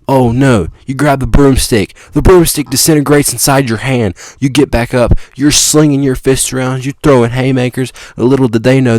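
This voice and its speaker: A young man hosting a podcast, excitedly rambling through an improvised comic story told to the listener, with sudden jumps in pitch and loudness. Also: no room sound. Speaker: podcast host.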